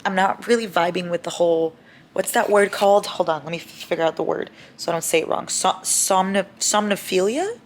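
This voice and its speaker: Young adult woman, lowish voice, animated book-vlog ranter, faint room noise. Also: fairly quick. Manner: animated, ranting, swears freely. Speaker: book vlogger. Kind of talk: casual reading vlog chat.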